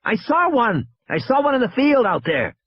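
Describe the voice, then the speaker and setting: A man reading an audiobook, voicing an excitable young boy who shouts and insists urgently. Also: extremely high pitch, normal speed, breathy edge, dry recording, dull audio, pitched above the performer's own voice, full character voice.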